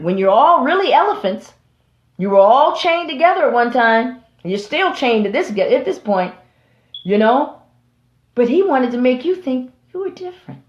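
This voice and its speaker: A woman preaches with emphatic, rhetorical drive, turning often to speak straight to her listeners. Her voice sits at a medium pitch. The recording is roomy and a little dull. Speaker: host and preacher. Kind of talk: preaching to an audience.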